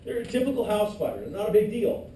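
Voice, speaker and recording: Male instructor, higher pitch, mellow tone, joking lecture style, echoey room, distant mic. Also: big pitch swings, quick pace. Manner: loose, joking asides to students. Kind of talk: classroom lecture. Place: classroom. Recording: echoey classroom from far off, faint noise.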